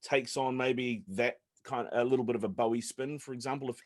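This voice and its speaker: A man's voice: medium pitch, steady tone, fairly quick. A man from New Zealand co-hosting a chat show, talking easily and rambling with fillers over a video call. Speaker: podcast co-host.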